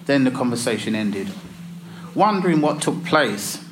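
A man narrating a personal religious testimony in a slow, earnest, deliberate way. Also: medium pitch, big pitch swings, a little hiss or hum. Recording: echoey room, faint ambience.

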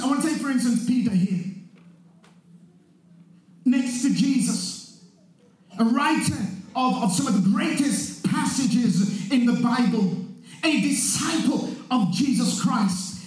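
A man preaching a sermon in church, emphatic, breaking into shouts and acting out the people he quotes. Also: very high voice, animated, unhurried. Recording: very echoey hall.

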